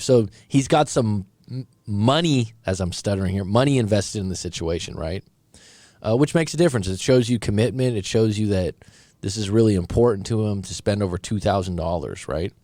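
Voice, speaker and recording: With a fairly low, mellow voice and no room sound, a man working as a breakup coach reads a viewer's story aloud. His comments are casual and direct, he thinks aloud, and he stumbles now and then.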